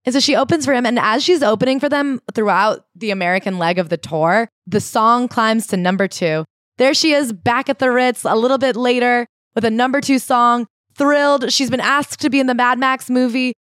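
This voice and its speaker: A woman's voice: on the high side, no echo, studio quality. A woman co-hosting a casual chat, telling a story with emphasis and reading passages aloud. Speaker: podcast co-host.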